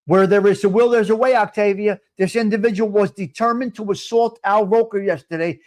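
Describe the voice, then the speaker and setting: A man nearing sixty, talking to his live viewers in a voice pitched high for a man. He rants loudly and swears freely, calling his viewers by name as he goes. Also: fairly even intonation, fairly quick. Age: 50s. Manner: loud, profane, ranting, addresses viewers by name. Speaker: live-stream host. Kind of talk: casual chat to live chat viewers.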